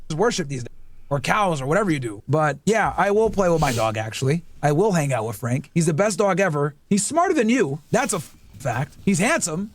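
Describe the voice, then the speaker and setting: High, lively mocking man, dry sound. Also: no echo. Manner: mocking, swears a lot, talks to his dog. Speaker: podcast host reading messages. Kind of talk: casual rant to viewers.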